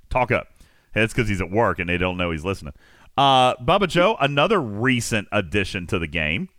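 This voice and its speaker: Animated, bright-voiced male host. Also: on the low side, normal speed, no echo, clean studio sound. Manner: animated, teasing, rambling. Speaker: podcast host. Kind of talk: casual gaming chat.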